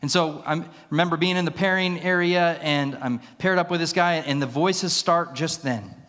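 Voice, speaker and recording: A man with a slightly high voice preaches in a church, and his words ring out with a long reverb. He tells his story vividly and acts out the other voices in it. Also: moderate pace, a bit bright. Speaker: pastor. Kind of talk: storytelling sermon. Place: church sanctuary.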